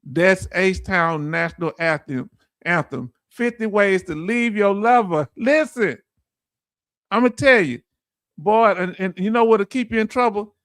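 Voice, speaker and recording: A middle-aged man with a Southern US accent hosts a casual livestream, joking, laughing and reading viewer comments aloud. His voice sits high and fairly bright, and he speaks at a measured pace. The recording is studio quality with no room sound.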